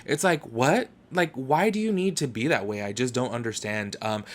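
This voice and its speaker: A man's voice: medium pitch, moderate pace. A man hosting a commentary video, talking casually to his viewers with lots of ums and likes. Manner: chatty, many fillers like um and like. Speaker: commentary YouTuber.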